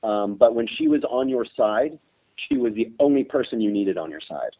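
A middle-aged man speaks over a thin, tinny phone line. He talks haltingly, restarting his phrases, and his voice swings widely in pitch as he gets emotional. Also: expressive. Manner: hesitant, many restarts, gets choked up. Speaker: interview guest. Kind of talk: emotional personal interview.

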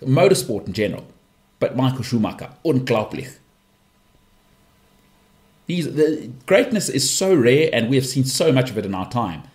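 A man's voice: mid-range voice, very animated, normal speed, long pauses, a little mellow. A man hosting a casual solo podcast, talking in a chatty, rambling way and acting out imagined people. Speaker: podcast host.

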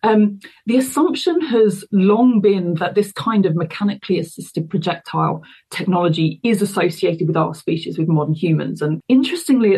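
Husky-voiced woman explaining research. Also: medium pitch, mellow, poor audio. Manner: explanatory, thoughtful, with fillers and restarts. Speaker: university researcher. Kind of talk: expert interview answers.

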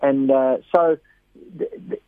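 A man with a mid-range voice talks at a slow pace, an energetic missionary guest telling stories in an interview. He repeats words often and raises his voice to act out quotes, all heard over a tinny phone line.

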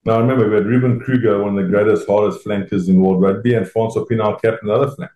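A South African man, a former rugby player, telling an animated, self-deprecating anecdote and acting out the voices of the people in it. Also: lowish voice, quick pace. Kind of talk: anecdotal storytelling. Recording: roomy echo.

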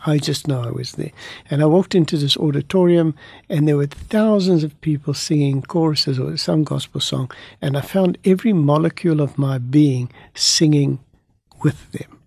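A man recounting his own experience, slipping into the lines of the people in it as he goes. His voice sits a little high and is gravelly, with a husky, breathy edge. The sound is close and dry. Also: moderate pace, a little mellow, no echo. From farming background. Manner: vivid retelling that acts out dialogue. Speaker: guest telling a personal testimony. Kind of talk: first-person storytelling.

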